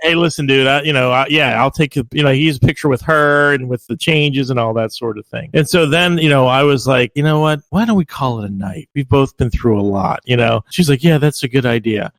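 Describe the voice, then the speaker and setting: A man's voice: medium pitch, brisk, few pauses, a bit bright, no room sound. A man casually telling a long story on a podcast, acting out quotes and swearing freely.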